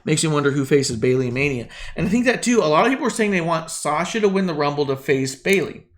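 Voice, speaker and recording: A man co-hosting a casual wrestling podcast over drinks, talking in an animated, profane way and sometimes slipping into silly voices. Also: a little high, fast talker. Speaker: podcast co-host.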